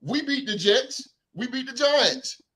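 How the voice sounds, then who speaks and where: A man hosting a sports podcast, ranting in an animated, heckling way and mocking rival fans. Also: extremely high pitch, measured pace. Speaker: podcast host. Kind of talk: sports talk rant.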